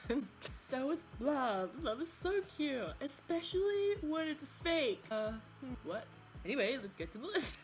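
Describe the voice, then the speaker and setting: Young female vlogger, higher voice, casual, bubbly, giggly and self-mocking. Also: slight background noise, low-quality recording. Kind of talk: casual talk to camera.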